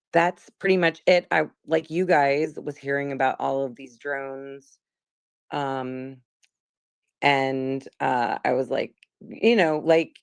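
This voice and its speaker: A woman's voice: extremely low pitch, no room sound. A woman in her forties from South Jersey, casually recounting what she saw, chatty and rambling with many fillers. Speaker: witness.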